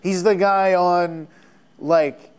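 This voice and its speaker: A man hosts a casual chat and chimes in with short reactions. His voice sits a bit high for a man. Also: fairly even intonation, very slow, smooth.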